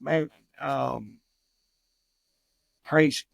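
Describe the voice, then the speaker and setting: A man hosting a podcast interview, affirming and reflective, pausing to search for words. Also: medium pitch, steady tone, vocal fry, no room sound. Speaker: podcast host.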